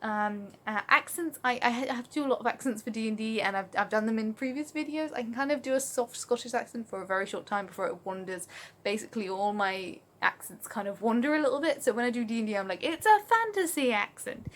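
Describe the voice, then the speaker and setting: A woman's voice: fairly high pitch, quick pace, slight background noise. A young English woman from Oxfordshire, rambling through a casual Q&A vlog with lots of ums, recorded on a phone. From Oxfordshire, England. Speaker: vlogger.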